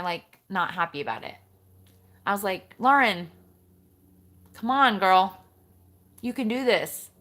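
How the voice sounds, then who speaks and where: A woman with a bright, forceful voice chats on a live stream, rambling from one topic to the next. She reads viewer comments aloud and answers them directly. Her voice sits a little higher than most women's. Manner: chatty and rambling, jumps between topics, talks straight to viewers. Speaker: vlogger hosting a live stream.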